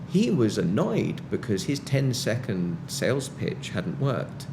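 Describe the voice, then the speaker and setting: A man's voice: mid-range voice, huge pitch swings, unhurried, background noise. A British man, a musician guest in a casual interview, telling stories with wry, self-mocking humor.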